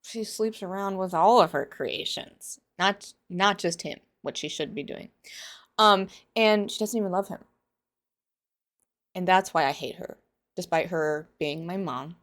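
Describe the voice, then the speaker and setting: A woman's voice: lowish voice, a little slow, fairly bright tone. A woman voicing a petulant, jealous young male alien alpha in a mock-earnest rant.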